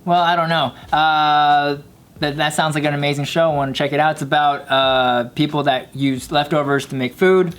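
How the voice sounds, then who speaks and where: A man's voice: fairly high pitch, fairly even intonation, moderate pace, fairly bright tone, slight background noise. A man hosting a casual panel chat, talking hesitantly with many fillers. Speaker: host.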